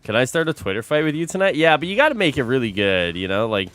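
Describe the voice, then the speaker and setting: A man's voice: mid-range voice, fast talker, smooth. A young man streaming, chatting casually with his audience, swearing a lot and calling everyone bro. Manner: animated, swears a lot, says bro constantly.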